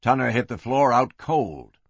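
Expressive man narrating a western. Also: mid-range voice, a little slow, slightly rough, dry recording, highs cut off. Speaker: audiobook narrator.

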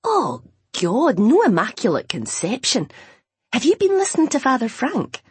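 Woman doing a young best friend, blunt, worried, raised and husky voice, storybook. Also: fairly high pitch, huge pitch swings, normal speed, dry recording, pitched above the performer's own voice, exaggerated voice. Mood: exasperated, worried. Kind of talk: audiobook character voice.

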